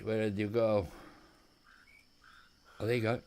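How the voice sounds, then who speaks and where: Flat and measured, a low-leaning, darkish voice with a clean tone comes from a gaming commentator with an Australian accent. He chats casually and tells rambling stories as he plays a hunting game.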